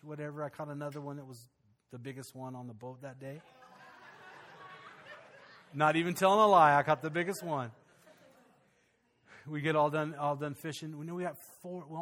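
A man, a pastor, telling a personal story in a lively, conversational way during a sermon. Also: a little high.

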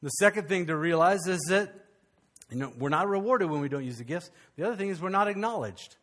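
A male pastor, preaching a conversational, animated sermon with frequent restarts. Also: sits high, a little fast.

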